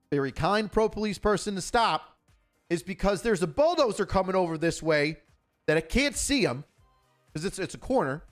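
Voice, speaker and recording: A man from Buffalo, a former cop giving casual, profane livestream commentary and telling stories in a blunt way. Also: sits high. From Buffalo, New York. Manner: blunt, profane, storytelling with acted dialogue. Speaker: retired police officer commentating news.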